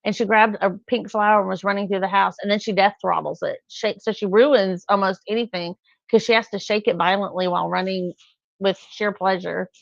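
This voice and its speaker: Middle-aged woman rambling away on a stream, gravelly voice, kinda dull lo-fi audio. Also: mid-range voice, steady tone, a little fast, no echo. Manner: chatty, rambling, acts out quotes with laughs. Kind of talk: casual live-stream chat.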